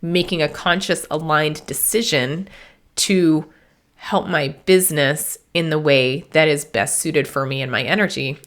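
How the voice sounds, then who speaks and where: Low-voiced woman podcasting about spirit. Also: fairly bright tone. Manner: rambling, earnest, with self-corrections and laughs. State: teary and sniffly. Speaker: podcast host and medium. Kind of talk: casual spiritual podcast talk.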